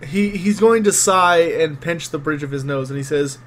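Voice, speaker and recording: A man's voice: fairly high pitch, moderate pace, a bit bright. A man narrating as game master in a tabletop role-playing game, casual with many fillers.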